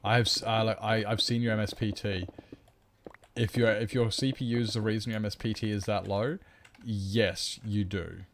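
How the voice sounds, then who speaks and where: Chatty male streamer, low voice. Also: level tone, moderate pace, slight background noise. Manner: rambling, reads chat aloud, mock-grand asides. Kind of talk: casual live-stream chat.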